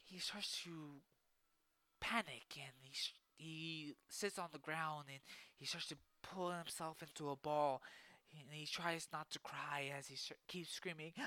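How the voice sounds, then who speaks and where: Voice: medium pitch, fairly even intonation, a little slow, sharp tone, no room sound. A podcast host narrating a spooky story in an improvised way, with spoken sound effects and frequent restarts.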